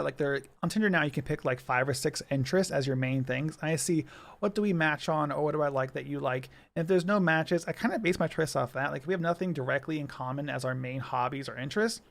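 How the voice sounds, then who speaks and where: Gravelly-voiced man in casual podcast chat. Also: fairly high pitch, fast. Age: 30s. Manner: chatty storyteller, laughs often. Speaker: podcast co-host.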